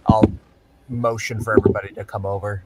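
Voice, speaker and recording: A man's voice: lowish voice, flat delivery, fast, background noise. A man playing a tabletop game, tentatively talking through his plan. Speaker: player. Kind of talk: casual tabletop play.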